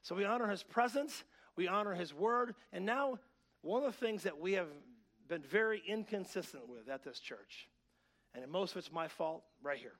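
A man pastor preaching a sermon, swinging between loud, excited preaching and quiet asides to his church, wearing a clip-on mic. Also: high voice, moderate pace. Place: church sanctuary. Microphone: clip-on mic that keeps slipping.

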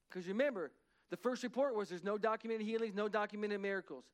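Male pastor, higher-pitched, dramatic sermon storyteller, hushed to booming. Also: fast. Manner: dramatic retelling, swings from hushed to loud.

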